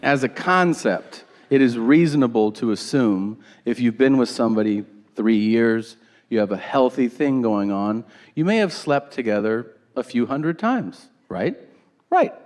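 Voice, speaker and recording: A man doing stand-up with a slow, drawn-out, crude delivery. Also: mid-range voice, expressive, a little mellow. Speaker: stand-up comedian. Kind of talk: stand-up set. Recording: live club recording with clear noise.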